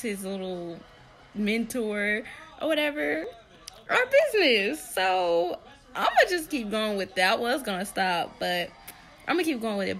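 A young woman, chatting excitedly in a casual vlog from home. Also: on the high side. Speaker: vlogger.

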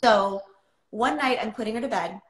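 Woman author telling a story on a live call, fired up, keeps saying right?, kinda high, roomy echo. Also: moderate pace. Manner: impassioned, keeps asking "right?". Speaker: author guest. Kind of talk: livestream conversation, personal storytelling.

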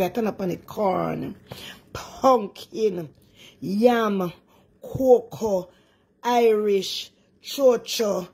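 An older woman with a warm Jamaican accent talks casually in her kitchen, chatting as she shows off her cooking and often calling her viewers her dear child. Her voice is mellow and gravelly. Faint household noise sits behind her. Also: mid-range voice. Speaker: cooking vlogger. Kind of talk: casual home cooking vlog.

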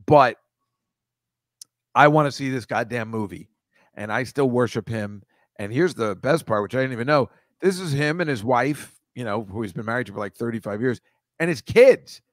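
A man's voice: medium pitch, lively intonation, moderate pace, no echo. A man hosting a comedy podcast, riffing casually with rambling, profane, sarcastic asides.

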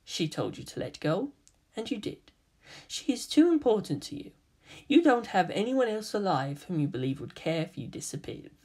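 Reading fan fiction at a moderate pace, the narrator takes on a half-angel teenage boy full of quiet menace. The voice is husky, lively in pitch, and stays cold, hushed, calm and threatening.

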